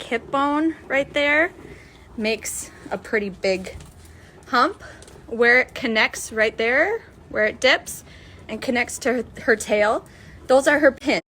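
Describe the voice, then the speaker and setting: A woman with a fairly high, slightly bright voice vlogs from her farm's barn and pasture, hopefully explaining what she sees to viewers. She films on a handheld phone, and there's a little background noise.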